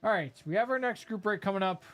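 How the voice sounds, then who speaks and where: A man's voice: high-pitched, fast, fairly bright tone, faint music behind. A man hosting a live card-break stream, rambling through a list of items with lots of fillers. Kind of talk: casual live-stream commentary.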